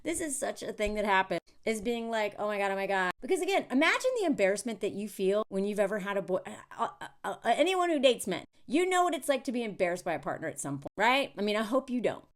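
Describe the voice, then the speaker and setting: A woman giving blunt, animated reaction commentary in a casual vlog, swearing freely as she talks. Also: medium pitch, quick pace, hardly any pauses.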